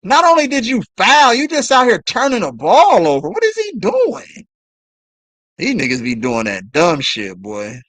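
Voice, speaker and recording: A man calling a basketball game live as a fan on a stream, swearing and yelling at the players between play-by-play. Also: high-pitched, normal speed, hardly any pauses, no room sound. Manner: excited, profane trash talk at players. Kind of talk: fan play-by-play watch-along.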